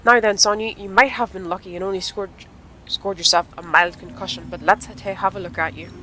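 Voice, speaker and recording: A brisk village vet with a clucking, mildly scolding manner, as a woman reads her game lines aloud. The tone is bright and clear, sitting in a middle register. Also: medium pitch, fairly even intonation, natural voice, poor audio. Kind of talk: reading game dialogue aloud.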